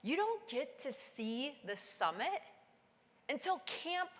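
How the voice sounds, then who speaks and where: Animated woman keynote speaker in a hall. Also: takes it slowly. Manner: animated, acts out dialogue with big pitch jumps. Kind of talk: keynote storytelling. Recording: long hall reverb.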